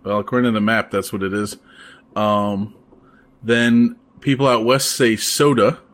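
A man hosting a casual podcast chat, talking in a relaxed, rambling way with plenty of fillers. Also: lowish voice, measured pace, no room sound. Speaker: podcast host.

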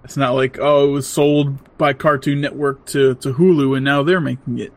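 A man's voice: medium pitch, steady tone, normal speed. A man co-hosting a podcast, chiming in with short questions and interjections in casual chat.

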